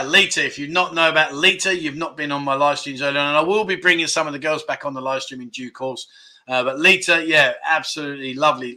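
This livestream host has a fairly high, bright voice with a forceful tone. He chats casually and jokes while reading viewer comments aloud, often laughing at his own jokes.

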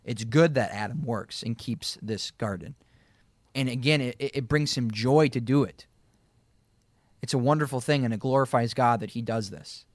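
A man's voice: mid-range voice, a bit bright, no echo. A man leading a casual Bible study, reading verses aloud and explaining them word by word. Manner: reads scripture aloud, repeats key words, laughs easily. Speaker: Bible teacher.

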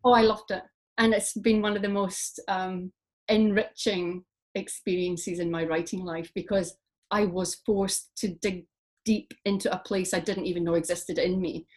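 A woman's voice: lowish voice, normal speed. Interview guest: woman poet from Scotland, reflective, rambling storyteller. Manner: reflective, animated storytelling with frequent fillers. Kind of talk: interview conversation.

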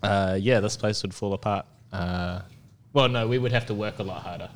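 A man hosting a casual podcast chat, relaxed and laughing easily, with halting restarts. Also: lowish voice. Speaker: podcast host and venue organiser.

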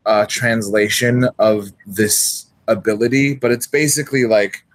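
A man's voice: fairly low pitch, steady tone, a little slow, dry recording. A man chatting as a player while building a tabletop character, rambling and hesitant with many restarts. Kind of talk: tabletop character creation chat.

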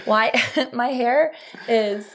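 A woman voicing a gushing woman who hosts a social media live video and keeps breaking off to greet viewers, in a high, bubbly, distracted voice. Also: very slow.

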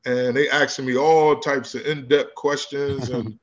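A man, a high school basketball coach, tells his stories with energy, mimicking the people he quotes. His voice sits at an ordinary pitch for a man. The recording sounds slightly dull and lo-fi. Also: measured pace. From Newark, New Jersey. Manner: animated storyteller who acts out quoted voices. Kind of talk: casual interview storytelling.

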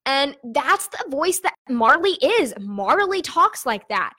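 A young woman with a fairly high voice talks straight to her viewers in a casual vlog. She is candid and chatty, and she peppers her sentences with fillers as she works through personal thoughts on running an online business. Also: very animated, slow pace, pushed and bright.

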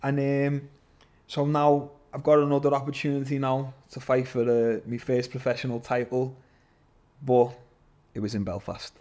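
A man, a guest telling his story in an animated, casual way, swearing and calling everyone lad. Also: medium pitch, normal speed. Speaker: podcast guest, MMA fighter.

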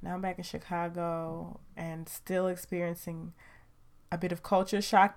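A woman's voice: medium pitch, normal speed, a little mellow. A woman hosting her podcast in a chatty, playful way, talking from her bedroom at home into a mic. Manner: chatty and playful, with laughs and slang. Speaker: podcast host. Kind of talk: casual podcast monologue. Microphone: home recording mic.

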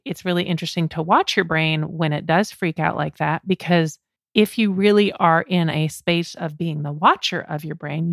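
A woman's voice: lowish voice, vocal fry, no echo, clean studio sound. A woman in her fifties, a business coach, talking earnestly and conversationally in a solo podcast monologue. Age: 50s.

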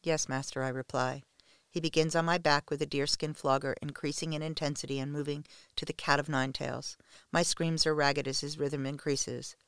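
A man reading a first-person story aloud in a slow, hushed, measured way. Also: a little high, flat delivery, clear, resonant tone, no room sound, studio quality.

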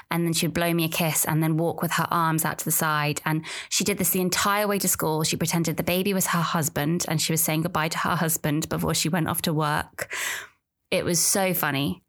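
A woman's voice: low-pitched, steady tone, brisk, a bit bright. A woman, chatting casually and candidly on her own, often trailing off and restarting. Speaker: podcast host. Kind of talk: casual solo chat about pregnancy and birth.

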